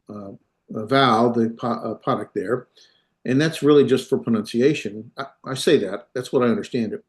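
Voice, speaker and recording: Male instructor, mid pitch, halting delivery full of fillers, classroom lecture. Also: darkish tone. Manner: halting, many fillers and self-corrections.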